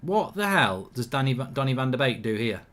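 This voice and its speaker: A man's voice: mid-range voice, sing-song, brisk, a bit bright. A man hosting a live football watchalong, chatting opinionatedly and reacting to the match. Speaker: host.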